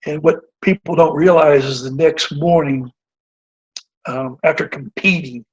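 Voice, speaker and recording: A man in his forties, a basketball coach, tells a long story in an earnest, rambling way, full of fillers and restarts. His voice sits fairly high and sounds husky. The recording is dull and lo-fi. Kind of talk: casual interview storytelling. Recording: dull lo-fi audio.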